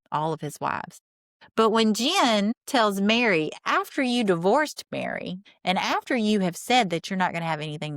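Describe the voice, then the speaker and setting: A woman's voice: mid-range voice, no room sound, clean studio sound. Blunt, exasperated woman podcast host. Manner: blunt, exasperated, swears freely. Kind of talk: casual recap commentary.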